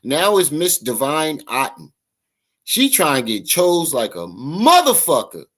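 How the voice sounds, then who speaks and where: A man reacting on his livestream with loud disbelief. His pitch swings widely as he mocks and questions, sitting a little high for a man. His talk is casual and profane. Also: wildly swooping pitch, a little slow. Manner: mocking, incredulous, profane. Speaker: livestream host. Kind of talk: reaction commentary.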